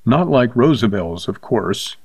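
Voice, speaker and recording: Casting: male story narrator, mid-pitched, measured, dry close sound. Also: sing-song, darkish tone, slightly rough, dry recording.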